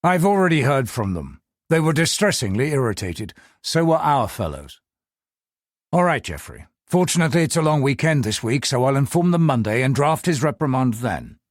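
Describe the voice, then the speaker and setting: A man voicing a senior British government minister who speaks in a crisp, authoritative way. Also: medium pitch, very animated, moderate pace, no room sound, clean studio sound.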